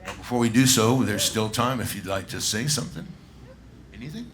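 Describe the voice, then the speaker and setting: A man's voice: fairly low pitch, lively intonation, normal speed, fairly bright tone. Easygoing man emceeing a pub show. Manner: loose, coaxing, chatty with the crowd. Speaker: bandleader and emcee. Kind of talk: live stage emcee. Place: small pub stage.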